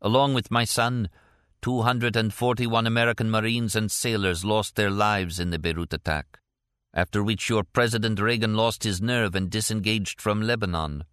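Man doing a stern old egyptian grandfather, low and solemn, short cold answers, dry sound. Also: steady tone, moderate pace, a bit bright, clean tone, dry recording, close to an everyday voice. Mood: proud. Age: older. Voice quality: terse, solemn and unyielding.

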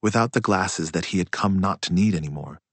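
A man reading a literary story aloud in a slow, hushed and reflective way. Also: low voice, no echo. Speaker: audiobook narrator. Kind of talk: literary audiobook narration.

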